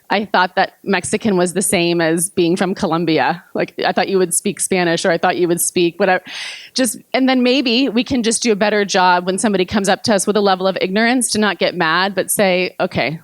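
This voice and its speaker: A woman's voice: medium pitch, no echo. A woman at a conference speaking candidly and earnestly about her table's discussion, often laughing. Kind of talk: candid public remarks. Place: conference room.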